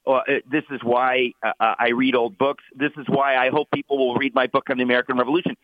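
A man's voice: mid-range voice, little pitch movement, fast, no room sound. A middle-aged man talking as a guest commentator, emphatic and mocking, stumbling over repeated words. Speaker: guest author. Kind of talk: heated talk show commentary. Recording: tinny phone line.

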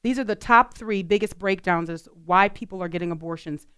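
A woman's voice: mid-range voice, brisk, a bit bright, smooth, no room sound, clean studio sound. A woman co-hosting a radio talk show, chatting earnestly with plenty of fillers. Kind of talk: casual talk radio chat.

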